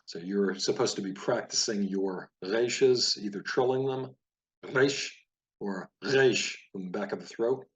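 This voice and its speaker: Patient low-voiced man teaching Hebrew reading. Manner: patient, explanatory, repeats each word slowly. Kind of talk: casual spoken lesson over a page of words.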